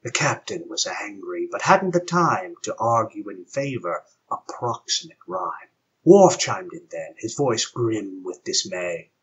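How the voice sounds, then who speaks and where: Slow husky man reciting rhymed verse. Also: on the low side, big pitch swings. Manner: measured, storytelling cadence. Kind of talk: rhymed poem narration. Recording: dull lo-fi with faint guitar.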